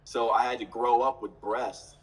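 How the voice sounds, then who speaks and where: A man appearing as a podcast guest, telling stories in a relaxed, slangy way. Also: medium pitch, moderate pace, husky, low-quality recording. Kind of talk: casual chat.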